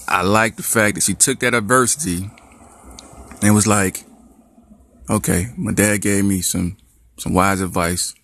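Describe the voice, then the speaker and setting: A middle-aged man casually telling a funny story about his teenage daughter, acting out the dialogue as he goes. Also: low-pitched. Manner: animated storyteller who acts out quoted dialogue. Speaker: podcast host.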